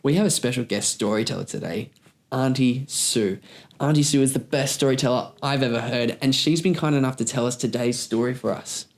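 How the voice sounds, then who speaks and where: Aussie guy cohosting kids bible vids, friendly, middle pitch. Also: brisk. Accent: Australian. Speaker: children's show co-host. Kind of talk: scripted kids' show hosting.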